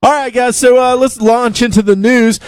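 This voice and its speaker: A man's voice: very high-pitched, steady tone, normal speed, over loud music. A man co-hosting a podcast, giving a loose, offhand rundown of the news in casual chat. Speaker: podcast co-host reading the news segment.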